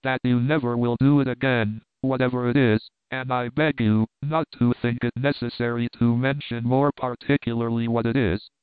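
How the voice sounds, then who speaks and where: A man's voice: mid-range voice, fairly even intonation, moderate pace, few pauses, smooth, no echo, natural voice. Frantic tearful woman, read by a man. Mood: distraught. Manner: breathless, pleading, agitated. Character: frantic, tearful middle-aged woman companion. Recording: dry, phone-like narrow sound.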